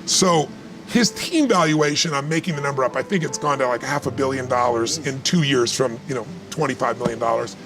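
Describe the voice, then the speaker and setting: A man's voice: mid-range voice, a little fast, over music. A man giving motivational talk in conversation, emphatic and repetitive, telling stories to make his point. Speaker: motivational speaker.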